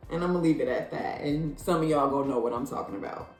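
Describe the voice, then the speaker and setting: A woman vlogger from Illinois giving casual opinion commentary, sassy and expressive, leaping up in pitch when she is incredulous. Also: fast talker. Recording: echoey room, faint music.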